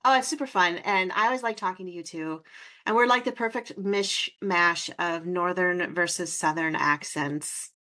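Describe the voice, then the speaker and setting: A woman's voice: on the low side, normal speed, pushed and bright. Chatty Minnesotan woman hosting a podcast. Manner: chatty and laughing easily. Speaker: podcast host. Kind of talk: casual interview chat.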